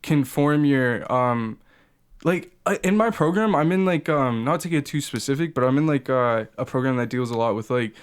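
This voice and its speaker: A man's voice: medium pitch, moderate pace, clean tone. A young man chatting on a casual podcast in an ordinary mid-range voice. He talks in slang, hesitates often, and swears freely as he gets into his stories. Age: young adult. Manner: animated, slangy, heavy swearing, hesitant fillers. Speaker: podcast co-host. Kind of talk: casual chat.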